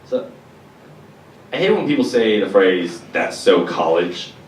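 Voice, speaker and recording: Young male stand-up, low-voiced, deadpan and slangy, picked up from afar with room echo. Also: a little slow, slight background noise. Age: young adult. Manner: deadpan, slangy and profane, mocks others in put-on voices. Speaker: stand-up comedian. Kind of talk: stand-up comedy set. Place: college venue with audience laughter. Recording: echoey room, distant mic, loud ambience.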